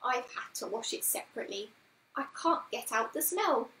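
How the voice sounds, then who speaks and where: A woman's voice: a little high, lively intonation, normal speed, pushed and bright, echoey room, distant mic, slight background noise, poor audio. A woman voicing a kindly, fussy old hedgehog washerwoman in a storybook, chatty and homely. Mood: chatty, fussing.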